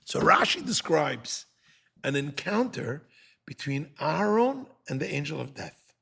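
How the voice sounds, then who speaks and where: A man's voice: fairly high pitch, very animated, unhurried, creaky, a bit bright, breathy edge. A man, a rabbi teaching a Torah class, animatedly dramatizing the text.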